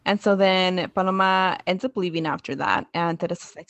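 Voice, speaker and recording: A woman on a podcast, talking through a recap in a casual, animated way and slipping into the characters' lines as she goes. Her voice has an ordinary middle pitch. The recording is dry and close. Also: moderate pace, hardly any pauses, no room sound. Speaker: podcast co-host.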